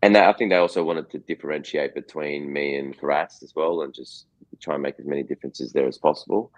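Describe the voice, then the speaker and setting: Very deep-voiced Australian man, rambling. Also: fast talker, dull audio. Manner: rambling, full of restarts and repeated words. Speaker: guest actor. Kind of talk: casual interview chat.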